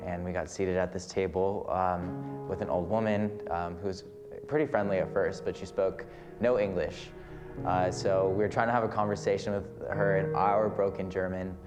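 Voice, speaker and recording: A young man with a very low voice tells a story in a loose, rambling way, full of ums and likes. Guitar music plays clearly behind him. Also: little pitch movement, moderate pace, dull audio. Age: young adult. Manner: rambling, many fillers. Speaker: film student. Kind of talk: casual anecdote.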